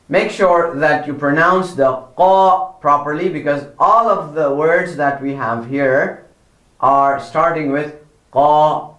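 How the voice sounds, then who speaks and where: A man teaching children Quran pronunciation, patiently repeating each word slowly and correcting mistakes. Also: fairly high pitch, fairly bright tone, roomy sound. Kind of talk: slow pronunciation lesson for children.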